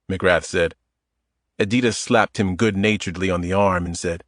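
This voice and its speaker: A man narrating an audiobook thriller in a steady, measured way. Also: low voice, no echo, clean studio sound. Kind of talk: scripted narration.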